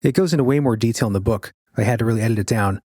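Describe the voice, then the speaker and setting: A man's voice: mid-range voice, very fast, darkish tone, no echo. Male podcast co-host, casual conversational talk, dead-dry close mic. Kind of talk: casual chat.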